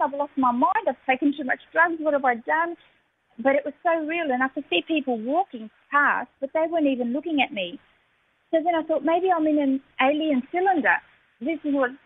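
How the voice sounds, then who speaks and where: A woman tells her story over a tinny phone line, her voice a little high. She talks haltingly and emotionally, with many ums and restarts, as a guest on talkback radio. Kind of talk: personal testimony.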